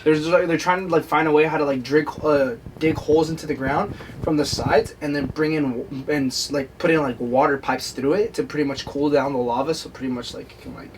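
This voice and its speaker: A young man co-hosting a podcast in casual chat, animated and rambling with lots of fillers. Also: on the high side, a little fast. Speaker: podcast co-host. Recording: distant mic with faint noise.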